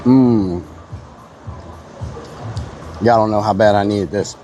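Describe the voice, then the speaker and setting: A man's voice: lowish voice, slow pace, warm tone, soft background music. A man live-streaming outdoors in the heat, chatting playfully to his viewers and talking with his mouth full. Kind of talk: casual live-stream chat.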